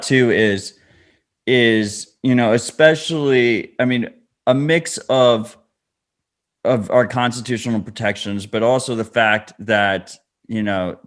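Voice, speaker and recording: A man co-hosting a podcast in casual chat, wry and matter-of-fact with casual swearing. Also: fairly low pitch. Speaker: podcast co-host.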